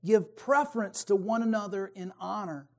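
A man preaching a sermon, emphatic, swinging between forceful peaks and quiet, wry asides. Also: high-pitched, normal speed.

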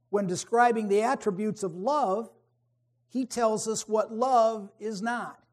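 A man preaching a sermon, emphatic, swinging between forceful peaks and quiet, wry asides. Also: high voice.

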